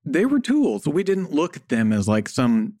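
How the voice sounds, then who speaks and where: A man from the United States, a podcast guest in casual conversation, talking bluntly and in an animated way and swearing casually. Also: on the high side, normal speed, no room sound, studio quality.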